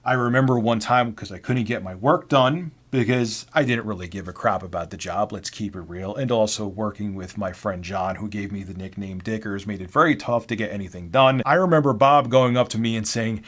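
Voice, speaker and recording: A man's voice: on the low side, a little fast, hardly any pauses, fairly bright tone. A man in his forties telling a personal story in a blunt, sarcastic way, with casual swearing. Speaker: YouTube host.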